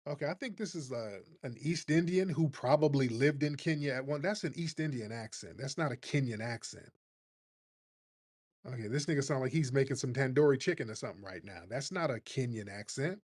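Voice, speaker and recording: A man's voice: medium pitch, expressive, brisk, darkish tone. A man hosting a live online audio room, talking in a mocking, combative way and calling listeners family. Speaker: host. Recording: remote live-stream audio.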